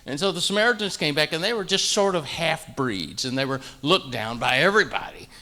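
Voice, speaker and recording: A man's voice: a little high, expressive, fairly quick, pushed and bright. A man giving a Bible lesson, folksy and hesitant, full of fillers and chuckling asides. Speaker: Bible teacher. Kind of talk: sermon-style Bible teaching.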